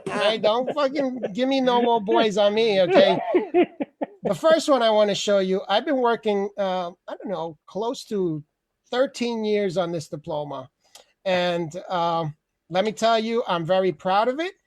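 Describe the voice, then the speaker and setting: Hosting an online open mic on a video call, this man delivers a rambling comedic rant in a high voice at a measured pace with no echo. He laughs a lot and swears without restraint.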